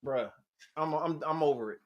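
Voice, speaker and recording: A man's voice: fairly high pitch, normal speed, muffled recording. A man co-hosting a podcast, joking around in casual banter with a slangy way of speaking. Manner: loud laughing, playful slangy joking. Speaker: podcast co-host.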